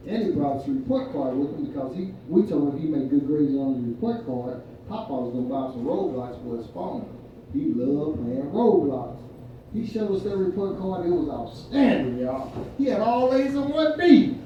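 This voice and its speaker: Telling folksy stand-up stories at a normal speed, an older man with a slightly high, animated voice laughs at his own punchlines for a live audience in a winery event room. The audio is dull with slight background noise, captured from a distance in an echoey room along with crowd laughter.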